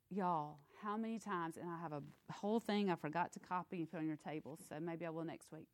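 A woman's voice: mid-range voice, normal speed, hardly any pauses. A woman teaching a Bible study in a conversational, emphatic way, reading scripture aloud and explaining it. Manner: expressive, emphatic, acts out quotes.

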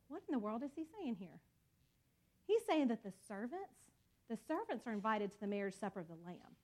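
A woman's voice: a little high, big pitch swings, a little fast, darkish tone. A woman teaching a Bible study in an earnest, conversational way, calling her listeners y'all.

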